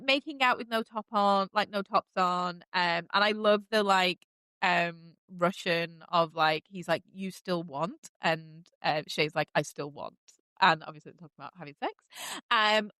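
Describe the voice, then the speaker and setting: A woman's voice: mid-range voice, pushed and bright, clear, resonant tone, no echo. A woman hosting a podcast, recapping a TV show in a gushing, chatty way with many fillers. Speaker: podcast host. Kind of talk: casual chat recapping a TV show.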